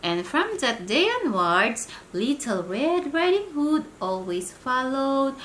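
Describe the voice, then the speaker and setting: Animated woman reading a bedtime story. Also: high-pitched, slow pace, reverberant, slight background noise, rough recording.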